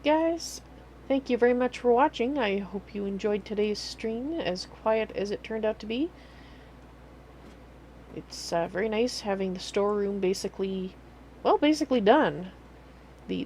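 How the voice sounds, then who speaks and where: Woman game streamer, casual chatty talk, mid pitch, rambles and corrects herself. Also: a little mellow, a little hiss or hum. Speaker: livestreamer. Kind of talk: casual livestream commentary.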